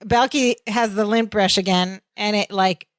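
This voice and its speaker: A woman's voice: medium pitch, steady tone, unhurried, no echo, studio quality. A woman co-hosting a sitcom rewatch podcast, talking through scenes in an analytical, chatty way. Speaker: podcast co-host. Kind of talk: casual podcast recap chat.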